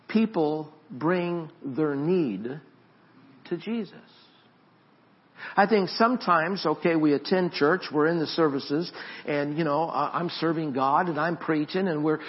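A man preaching a sermon as pastor, swinging from loud emphatic exhortation to soft, reflective storytelling. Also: fairly high pitch, muffled recording.

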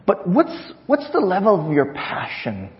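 A man's voice: sits high, wildly swooping pitch, a little slow. A pastor preaching a sermon, friendly and chuckling, acting out voices in his stories. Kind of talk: sermon with humorous story. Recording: dull recording in a reverberant church hall.

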